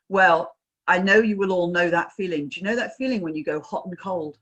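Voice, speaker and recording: Woman, 50s, trainer, husky voice, chatty anecdotes, questions to the audience, video call. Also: on the low side, a little fast, fairly bright tone. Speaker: workshop trainer. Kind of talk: online workshop talk.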